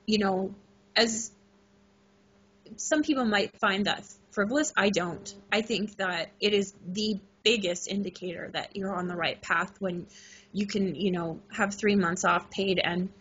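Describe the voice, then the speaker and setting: A middle-aged woman telling an excited story in a casual interview, laughing often. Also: mid-range voice, unhurried, a little hiss or hum. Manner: animated, laughing, gushing. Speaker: guest. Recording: muffled lo-fi recording.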